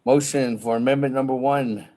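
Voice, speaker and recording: Male presiding officer, procedural manner, average pitch. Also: fairly even intonation, normal speed, dark tone, a little hiss or hum. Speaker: council speaker chairing the session. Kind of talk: chairing a meeting.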